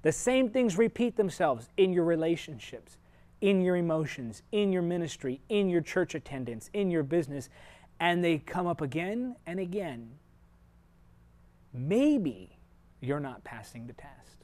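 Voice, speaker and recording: An earnest male preacher with a fairly high voice, teaching a televised sermon. He speaks straight to the viewers, swinging from loud, emphatic points to hushed, personal asides. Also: lively intonation, moderate pace. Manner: earnest, shifts sharply between loud emphasis and quiet asides; direct, personal address to viewers.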